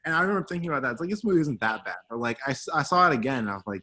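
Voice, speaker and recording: A man's voice: medium pitch, very animated, very fast, sharp tone. A young man co-hosting a podcast, rambling and exaggerating in casual chat. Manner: rambling, hyperbolic, full of fillers and restarts. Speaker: podcast co-host.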